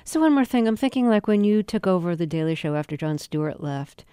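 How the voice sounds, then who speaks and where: A woman's voice: fairly low pitch, animated, brisk, dark tone, clear, resonant tone, no room sound, studio quality. A woman interviewing a guest in a conversational radio interview, phrasing her questions thoughtfully with many fillers.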